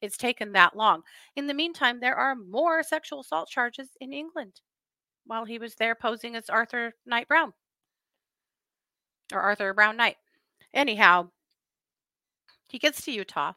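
A woman's voice: medium pitch, sharp tone, no room sound. A woman hosting a livestream, chatting casually with her viewers about a wild crime case, rambling through asides and laughing often. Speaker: livestream host reading viewer comments.

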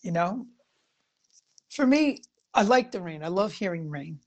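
A woman's voice: medium pitch, lively intonation, unhurried. A woman giving a casual, rambling spiritual talk about tarot readings, full of "you know" fillers. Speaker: tarot reader.

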